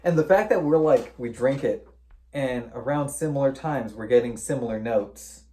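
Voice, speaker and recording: A man's voice: mid-range voice, moderate pace, dark tone. A man co-hosting a casual beer review, describing flavors with enthusiastic images and sound effects. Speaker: co-host of a beer review show. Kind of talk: casual chat.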